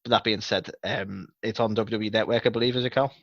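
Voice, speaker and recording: A man's voice: lowish voice, steady tone, fast talker, fairly bright tone, dry recording, highs cut off. A man co-hosting a wrestling podcast, chatting casually with rambling sarcastic asides and plenty of swearing. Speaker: podcast co-host.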